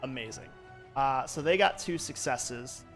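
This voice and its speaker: Casting: easygoing young game master, rambling with ums and likes, mid pitch, faint music behind. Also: male voice, a little slow, a bit bright. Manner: loose, lots of um and like fillers. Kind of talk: narrating a tabletop game.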